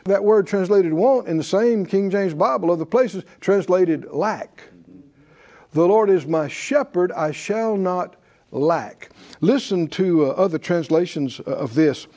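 A slightly slow, high-pitched male voice with a dark tone delivers a sermon. Reading scripture in an emphatic rhythm, he draws the congregation into call-and-response again and again.

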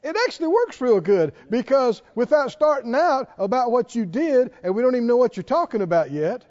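A man preaching a sermon, folksy and emphatic, drawing out scripture quotes slowly and asking his listeners questions. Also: extremely high pitch, animated, darkish tone. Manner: folksy, asks the audience questions. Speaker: pastor. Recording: dull lo-fi recording in a reverberant hall.

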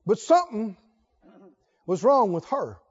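A man preaching a sermon emphatically, swinging between loud declarations and hushed lines. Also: high-pitched, big pitch swings, unhurried, breathy edge, lo-fi sound. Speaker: pastor.

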